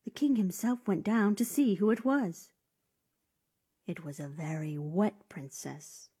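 Woman storyteller, mellow and breathy, reads a fairy tale aloud with hushed, whispery passages. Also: mid-range voice, unhurried. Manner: soft, often whispery storytelling.

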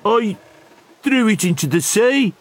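A man's voice: high voice, lively intonation, unhurried, breathy edge, voice pushed up, exaggerated voice. A man voicing a timid, polite male troll with a very small, meek voice in a storybook reading.

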